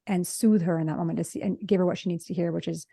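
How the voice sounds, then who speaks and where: A quick-talking woman psychologist explains her ideas with examples and little acted-out quotes. Her voice is dark and mellow, and it sits dry and close to the microphone with no room sound. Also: lowish voice, fairly even intonation, creaky, no echo. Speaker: relationship psychologist, podcast co-host. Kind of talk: conversational podcast discussion.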